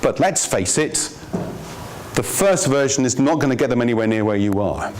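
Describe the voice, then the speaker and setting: A man giving a business training workshop, lively and jokey, quizzing his audience. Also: mid-range voice, normal speed. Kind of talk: workshop presentation. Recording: noisy room recording.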